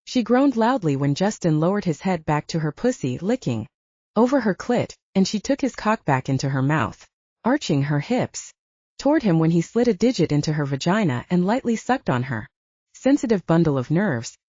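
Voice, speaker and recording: Female audiobook narrator, low and mellow, animated; dull, dry recording. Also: normal speed, dry recording. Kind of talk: scripted narration.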